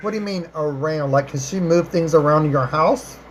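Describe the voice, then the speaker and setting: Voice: fairly quick, a little hiss or hum, rough recording. An adult live-stream host chatting casually with viewers, affectionate and talkative, calling everyone darling and baby, often rephrasing themselves. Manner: chatty, repeats and rephrases, with swooping pitch jumps. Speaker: livestream host answering viewer questions.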